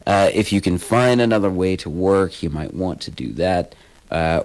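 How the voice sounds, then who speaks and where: A man's voice: sits low, a little mellow, poor audio. A man hosting a morning radio show, reading the weather and local road news in an easygoing way with plenty of fillers. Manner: easygoing, fillers, reads off lists.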